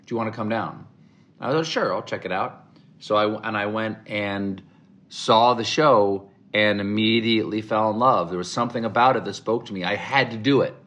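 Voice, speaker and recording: A middle-aged man from the American South with a fairly low voice tells his stories in a casual interview. He talks in an animated way and puts on voices for the people he quotes. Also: moderate pace, lo-fi sound. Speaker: interview guest, comedic actor.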